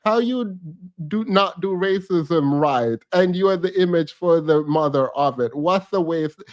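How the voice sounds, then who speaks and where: A man's voice: on the high side, a little slow. A man streaming a casual reaction commentary, laughing often, repeating phrases and teasing playfully.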